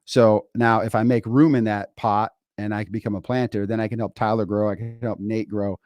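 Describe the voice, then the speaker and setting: A man's voice: lowish voice, flat delivery, moderate pace, a little mellow, no echo, studio quality. A middle-aged man hosting a motivational podcast, talking conversationally and preaching with rhetorical questions and fillers. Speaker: podcast host and coach.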